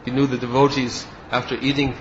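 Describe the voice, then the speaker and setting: A man's voice: medium pitch, little pitch movement, a little fast, slight background noise. Man telling a devotional story, lo-fi. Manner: storytelling, acts out quoted speech. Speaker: spiritual teacher giving a class.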